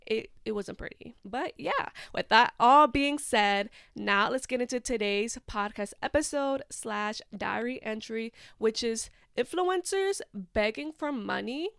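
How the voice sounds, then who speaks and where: A woman's voice: on the high side, unhurried, gravelly, hardly any pauses, a bit bright, smooth, dry recording, clean studio sound. A young woman hosting a casual podcast, talking in a chatty, rambling way with lots of "like". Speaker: podcast host.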